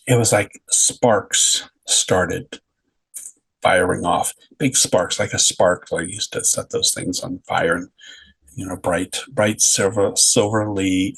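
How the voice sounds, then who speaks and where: A middle-aged man, a podcast guest, telling a personal story in a halting way, often repeating and correcting his words. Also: on the low side, husky, rough recording.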